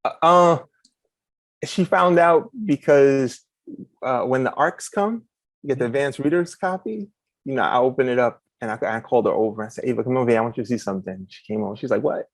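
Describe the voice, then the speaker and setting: A man's voice: mid-range voice, a little fast, no room sound. A man being interviewed as an author, telling stories in casual chat and acting out quotes on a video call. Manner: animated storyteller, acts out quotes. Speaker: author guest.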